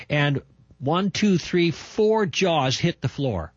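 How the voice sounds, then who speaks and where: An older man telling a personal testimony in an emphatic, animated storytelling manner, with a husky voice. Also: on the high side, slow, no room sound, muffled recording. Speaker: testimony speaker.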